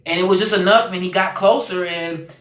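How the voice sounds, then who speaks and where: A man's voice: high voice, brisk, fairly bright tone, reverberant. A man telling his own story as a podcast guest, earnest and repetitive, with lots of "like" and "you know". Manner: earnest, repeats phrases, many fillers. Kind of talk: personal storytelling.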